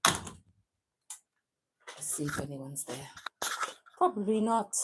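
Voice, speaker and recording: A woman's voice: sits low, unhurried, pauses often, fairly bright tone, dry recording. A woman hosting a casual livestream from home, chatting with viewers and reading their messages aloud, asking lots of friendly questions. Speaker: livestream host. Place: home room with a fan running. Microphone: desk microphone.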